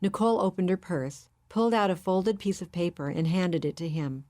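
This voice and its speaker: Low-voiced woman reading a novel. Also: moderate pace, few pauses, darkish tone. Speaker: audiobook narrator. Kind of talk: scripted narration.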